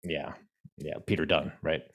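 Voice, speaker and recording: With a very deep voice, a steady tone and fairly bright timbre, a man hosts a podcast of relaxed wrestling chat. He speaks haltingly, restarting often and using many fillers, and laughs easily.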